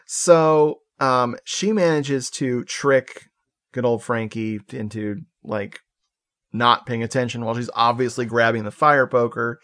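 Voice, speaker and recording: Animated man recapping a movie. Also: medium pitch. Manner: animated storytelling, swearing, laughing asides. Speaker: podcast co-host. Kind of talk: casual movie recap chat.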